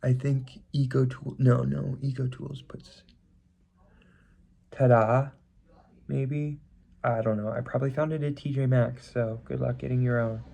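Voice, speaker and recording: A man's voice: mid-range voice, level tone, unhurried, creaky, pauses often, mellow. A young man with a slightly stuffy nose, chatting casually as he does his makeup on camera, rambling and correcting himself as he goes. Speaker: makeup vlogger. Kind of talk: casual get-ready-with-me chat.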